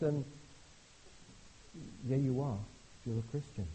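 A middle-aged man preaching an animated, conversational sermon, swinging from hushed asides to loud exclamations. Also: mid-range voice, moderate pace, slight background noise, poor audio. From Britain. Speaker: visiting preacher.

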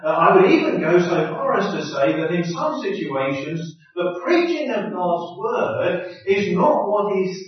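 A man preaching a sermon as a pastor, reading scripture aloud and then speaking in a measured, deliberate way with frequent restarts. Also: sits high, big pitch swings. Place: church hall. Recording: echoey hall from far off, dull sound.

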